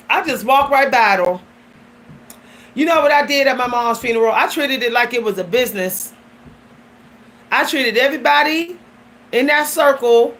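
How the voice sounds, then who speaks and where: A woman's voice: high-pitched, fairly bright tone. A woman vlogger giving a blunt, emphatic personal monologue that often turns preachy.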